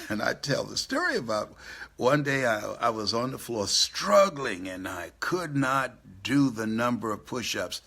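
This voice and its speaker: A man's voice: mid-range voice, creaky, sharp tone, husky. A man in his seventies giving a live motivational speech on stage, telling stories and laughing at his own jokes. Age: 70s. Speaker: motivational speaker. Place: on stage before a live audience.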